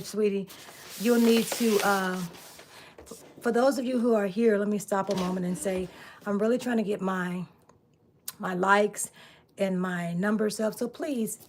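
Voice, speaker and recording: A woman's voice: mid-range voice, darkish tone, a little hiss or hum. A woman hosting a live stream from her home workspace, chatting casually with viewers, greeting them by name and asking them to subscribe. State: out of breath. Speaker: live-stream host making t-shirts.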